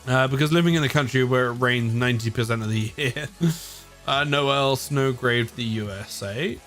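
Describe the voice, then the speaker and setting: A man's voice: mid-range voice, moderate pace, fairly bright tone, soft background music. A man with an English accent, from the United Kingdom, chatting casually on a live stream, tired, rambling and often chuckling at himself.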